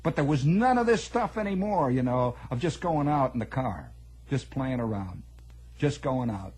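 Man, husky voice, lively pitch swings, spoken storytelling, conversational, repeats words for emphasis. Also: normal speed, rough recording.

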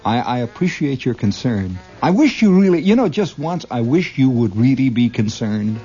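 A man's voice: mid-range voice, very animated, moderate pace, mellow, husky, highs cut off, soft background music. A man doing a stammering, argumentative comic monologue. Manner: talkative, argumentative, stammering restarts; chuckles often at his own lines. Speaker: comedian. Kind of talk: comedy monologue, one side of a conversation.

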